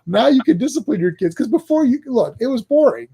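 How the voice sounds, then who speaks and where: A man's voice: extremely high pitch, lively intonation, fairly quick, very noisy. A man hosting a casual wrestling podcast, telling long rambling stories and laughing at himself. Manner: rambling, self-amused storytelling. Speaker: podcast host. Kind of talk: casual chat.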